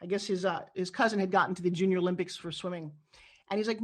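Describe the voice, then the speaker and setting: A middle-aged woman from New York with a New York accent, telling stories as an animated, emphatic interview guest. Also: lowish voice, fast talker. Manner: animated storyteller, lively and emphatic. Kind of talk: candid interview talk.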